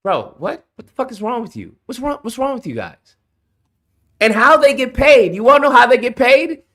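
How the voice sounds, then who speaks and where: High, lively-voiced man ranting. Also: brisk. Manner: heated, profane, animated ranting. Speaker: streamer reacting to a game showcase. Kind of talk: casual reaction rant.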